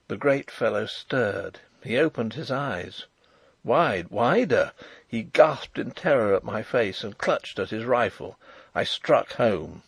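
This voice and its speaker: A man reading a novel aloud as an audiobook narrator, in a measured, dramatic storytelling manner. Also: on the low side, creaky, husky, no room sound. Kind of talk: first-person audiobook narration.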